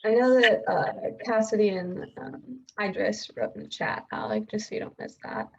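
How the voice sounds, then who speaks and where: A young woman giving a gentle, heartfelt tribute to her best friend over a video call, pausing often. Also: medium pitch, gravelly, breathy edge, dull audio. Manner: gentle, with many pauses and ums.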